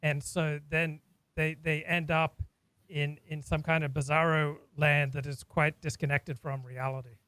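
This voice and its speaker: A man's voice: a little high, little pitch movement, unhurried, pushed and bright, clean tone, no room sound, poor audio. A man from Australia hosting a talk, speaking in an earnest, reflective way and often repeating words as he thinks. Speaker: host. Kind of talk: casual discussion.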